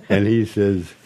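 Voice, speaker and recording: An older man recounting old church stories in a halting, chuckling interview manner. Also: fairly high pitch, slightly rough. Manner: slow, halting storyteller with chuckles. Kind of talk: storytelling interview.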